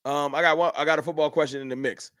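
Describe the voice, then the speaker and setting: A man's voice: a little high, fairly even intonation, fast, a bit bright, no room sound, clean studio sound. A man hosting a casual livestream, chatting in a laid-back way and reading out and answering viewer comments. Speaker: livestream host.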